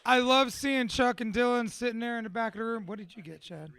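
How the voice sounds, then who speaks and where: A man's voice: very high-pitched, a little fast. A man who runs a tattoo studio, talking casually and with a lot of swearing to a room of people at a gathering he hosts. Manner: profane, excitable, heartfelt. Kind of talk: casual live talk to a room. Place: room with an audience.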